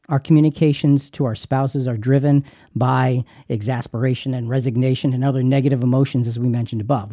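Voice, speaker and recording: A man's voice: fairly high pitch, warm tone, dry recording, clean studio sound. A man co-hosting a Christian marriage teaching, talking with emphatic, preacherly repetition. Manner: emphatic, preacherly, repeats words. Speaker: Christian radio co-host.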